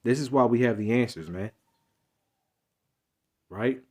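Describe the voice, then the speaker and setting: A man's voice: mid-range voice, measured pace, a little mellow. A man preaching in a loose, conversational way, emphatic and repetitive, often ending phrases with "man". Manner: loose, conversational slang and restarts. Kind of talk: casual Bible teaching.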